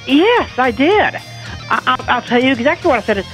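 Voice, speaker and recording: A man's voice: very high voice, fairly quick, faint music behind, rough recording. A man co-hosting a casual podcast, telling stories playfully. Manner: animated, playful storyteller. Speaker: podcast co-host. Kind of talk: casual comedic chat.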